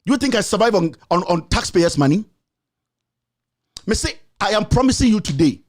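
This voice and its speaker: A Ghanaian man hosts his own commentary show and delivers a furious political rant. His voice sits unusually high for a man. He scolds and insults, repeating the same jabs over and over. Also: lively intonation, normal speed.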